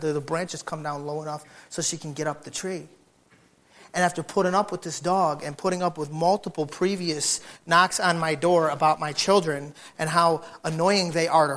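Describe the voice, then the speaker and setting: A man preaching with humorous storytelling, acting out neighbors and dogs in animated bursts. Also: fairly high pitch.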